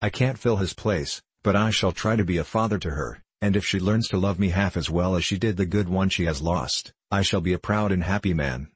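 A man reading a kindly middle-aged doctor uncle, hearty and tender by turns. The voice sits very low with a husky grain, and the storybook reading is close and dry. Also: a little fast, hardly any pauses, no room sound. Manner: warm, hearty, occasionally bursting out. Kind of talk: audiobook character reading.

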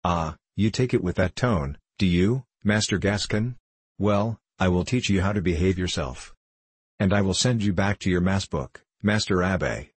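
A man's voice: low voice, moderate pace, slightly rough, no room sound. A man reading the part of a mild, coldly polite young musketeer in an audiobook. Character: mild, cool-tempered young male musketeer.

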